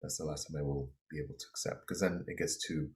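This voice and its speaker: Very low-voiced man teaching class. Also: fast. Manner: relaxed, loose, many fillers and restarts. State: slightly dry throat. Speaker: college English instructor. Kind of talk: online class lecture. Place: apartment.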